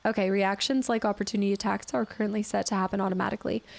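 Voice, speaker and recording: A woman's voice: mid-range voice, steady tone, racing, gravelly. A woman streaming a game in a chatty, playful way, thinking aloud and thanking viewers from chat. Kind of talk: casual gameplay commentary.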